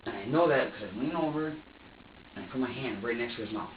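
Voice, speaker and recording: A man in his twenties with a medium-pitched voice gives a halting, profane, rambling statement during a police interrogation. A distant mic picks him up across an echoey interview room, and the recording is dull and muffled, with a faint hum of ambience.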